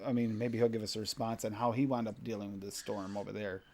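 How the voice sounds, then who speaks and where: A man from the United States hosting a casual podcast chat, easygoing and quick to laugh, with rambling sentences. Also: on the low side, flat delivery, darkish tone. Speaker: podcast host.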